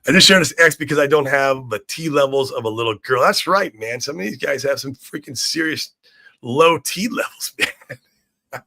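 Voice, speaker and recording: A man's voice: medium pitch, normal speed, creaky, bright, forceful tone. A man hosting a casual crypto livestream, hyped and swearing freely as he greets viewers in chat. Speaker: livestream host. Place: room in Shanghai.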